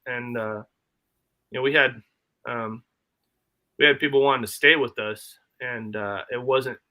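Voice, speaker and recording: A man's voice: medium pitch, fairly even intonation, unhurried, pushed and bright. A man hosting a casual live stream from his homestead, chatting in a rambling way and answering his chat aloud. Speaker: livestream host. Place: home, homestead.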